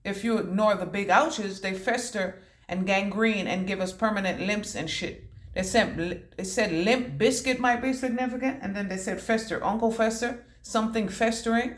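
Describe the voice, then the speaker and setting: A woman's voice: medium pitch, normal speed, roomy sound. A woman giving a channeled intuitive reading who free-associates from word to word, makes puns and swears casually. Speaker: intuitive reader.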